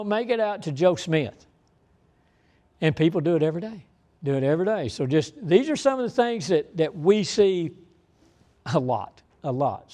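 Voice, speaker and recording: Folksy man, slightly high voice. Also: a little mellow. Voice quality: folksy, repetitive, emphatic. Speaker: bank fraud manager presenting to business owners. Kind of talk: informal business presentation. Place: meeting room before an audience.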